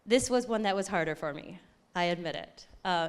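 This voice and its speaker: A woman speaks at a tech conference with a slightly low, excited voice. She talks in a chatty way and often stops to correct herself. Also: a little fast, smooth. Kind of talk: live conference talk.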